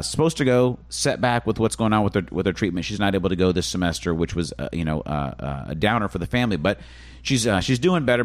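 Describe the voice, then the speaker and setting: A man hosting a casual podcast, talking in an upbeat, rambling way with frequent restarts. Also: lowish voice. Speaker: podcast host.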